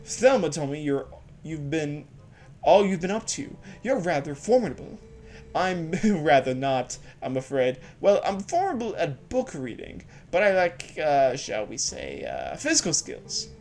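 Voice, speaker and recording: A man's voice: fairly high pitch, very animated, unhurried, darkish tone. A man doing a meek, bookish young scholar. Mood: polite. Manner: formal, polite, slightly nervous.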